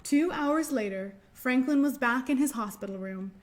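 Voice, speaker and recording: A woman librarian reading a picture book aloud and leading finger rhymes for young children, gentle and encouraging in a sing-song way. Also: high voice, normal speed.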